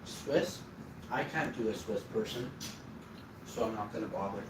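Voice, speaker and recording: A man's voice: on the low side, moderate pace. A man from Manitoba, rambling bluntly in a casual monologue to his viewers, swearing offhandedly. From Manitoba, Canada. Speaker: vlogger. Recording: roomy, distant mic, noisy background.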